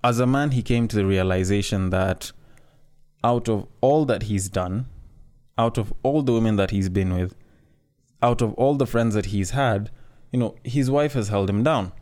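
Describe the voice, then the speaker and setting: A man's voice: fairly low pitch, normal speed, darkish tone. A man giving casual, frank commentary, talking conversationally and swearing freely.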